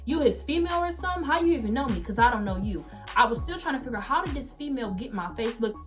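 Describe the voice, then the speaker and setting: A young woman with a fairly high voice tells a story-time vlog. She is animated and emphatic and acts out the quoted messages in her own voice. Faint music plays softly behind her. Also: racing. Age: late teens. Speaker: vlogger.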